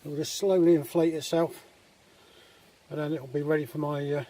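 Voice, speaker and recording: A man talking casually in a relaxed, chatty way with many fillers, filming a vlog at a woodland camp outdoors. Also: a little high, brisk. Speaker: vlogger. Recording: outdoor recording with faint nature noise.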